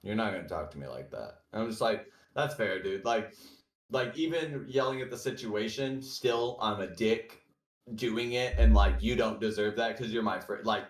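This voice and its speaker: A man talking in a casual podcast chat. He is profane and animated and acts out quotes. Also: lowish voice, moderate pace. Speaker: podcast host. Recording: roomy echo.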